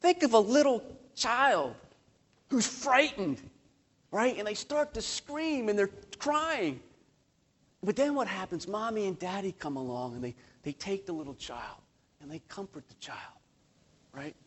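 High-voiced impassioned male preacher. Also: animated, breathy edge. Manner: impassioned preaching with slow emphatic phrases and sudden surges in loudness; rhetorical questions and self-deprecating humor. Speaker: pastor. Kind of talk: sermon.

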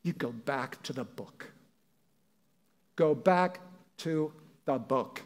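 This pastor's sermon in church comes slowly, in a mid-range male voice. He speaks conversationally and acts out what people might say.

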